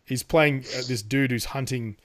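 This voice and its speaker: A man's voice: medium pitch, moderate pace, fairly bright tone. A man in casual podcast chat, rambling with lots of fillers, laughing and swearing as he talks. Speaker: podcast co-host.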